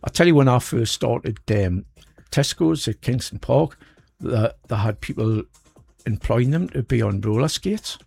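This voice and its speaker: A man's voice: medium pitch, expressive, unhurried, creaky, a little mellow, breathy edge, soft background music. A man co-hosting a radio show, chatting casually and rambling with lots of fillers. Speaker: radio co-host. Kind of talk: casual chat.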